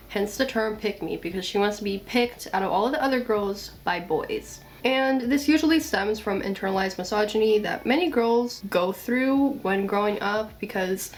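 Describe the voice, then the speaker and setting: Chatty young woman vlogger. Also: medium pitch. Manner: chatty, blunt, swears casually, lots of "like". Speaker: video essayist. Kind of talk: casual commentary vlog.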